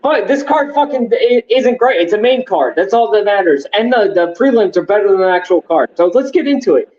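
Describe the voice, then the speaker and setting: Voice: medium pitch, animated, brisk, darkish tone, lo-fi sound. A podcast co-host in casual sports chat, ranting heatedly with lots of swearing and fillers.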